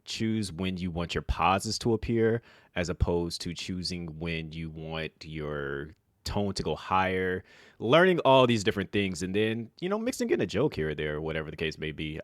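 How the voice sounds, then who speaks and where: Man vlogging, extremely low voice, monotone, laid-back, dry close sound. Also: normal speed, dry recording. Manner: self-described monotone, relaxed and rambling with fillers. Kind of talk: casual talk to camera.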